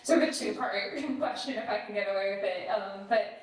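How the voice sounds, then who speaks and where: A woman's voice: mid-range voice, brisk. Polite woman asking from the audience. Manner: polite, thoughtful, hesitant. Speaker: audience member asking a question. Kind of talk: question from the audience. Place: museum event room. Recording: echoey hall, picked up from far off.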